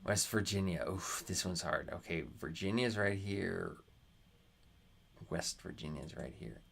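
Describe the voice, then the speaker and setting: A young American man with a lowish voice chats casually on a live stream while playing a geography quiz. He reads viewer comments aloud, talks back to them, and swears when something annoys him. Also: a little slow, vocal fry, pauses often, sharp tone, slightly rough. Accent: American, Nevada. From United States.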